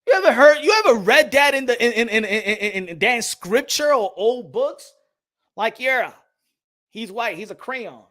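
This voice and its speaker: A boxing channel host, a man with a high voice, rants heatedly to camera. He is profane and keeps repeating himself as he argues his point. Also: expressive, moderate pace, pushed and bright. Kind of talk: casual opinion rant to camera.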